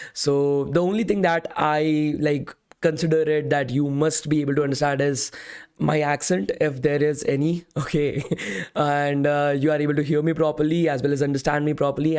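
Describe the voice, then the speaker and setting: A man's voice: a little high, darkish tone. A young man from India with an Indian English accent, leading a live coding bootcamp class with a voice strained from talking all day, chatty and often saying "okay" and "guys". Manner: chatty, repeats "okay" and "guys", reads chat questions aloud.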